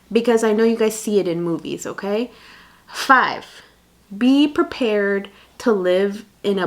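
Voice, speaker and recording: A young woman, a mother and vlogger, chatting unscripted to her viewers. She rambles and fills her talk with "like" and "you know". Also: medium pitch. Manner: rambling, chatty, many fillers. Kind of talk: unscripted casual chat.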